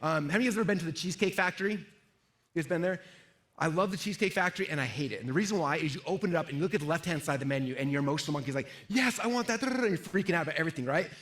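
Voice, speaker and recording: A middle-aged man giving a lively live sales seminar, quizzing the audience and acting out inner voices. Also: on the high side, racing. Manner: energetic, asks the audience questions, acts out inner voices. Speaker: sales trainer.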